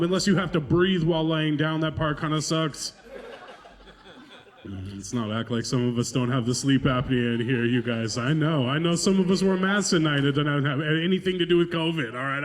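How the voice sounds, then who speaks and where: A man doing a loose, profane stand-up set as the headliner, joking about himself in a chatty way. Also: fairly high pitch. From Pacific Northwest, US. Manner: loose, profane, conversational, self-deprecating. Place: comedy club stage.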